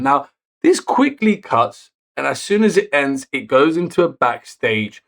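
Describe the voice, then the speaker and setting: Man, wrestling recap host, higher register, unhurried delivery, excitable on big moments, self-correcting. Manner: self-correcting, picks words as he goes. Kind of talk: casual recap narration.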